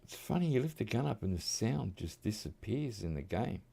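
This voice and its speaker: Chatting casually over his game at an unhurried, moderate pace, this middle-aged Australian streamer has a gravelly, deep voice that sounds dark and mellow. His talk meanders easily, with chuckles and words like "mate" and "reckon."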